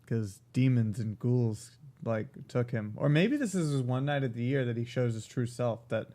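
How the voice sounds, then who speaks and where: A man's voice: mid-range voice, lively intonation, moderate pace, warm tone. A man co-hosting a casual chat, talking through a cold with a stuffy, nasal voice and a joking, rambling manner. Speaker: podcast co-host.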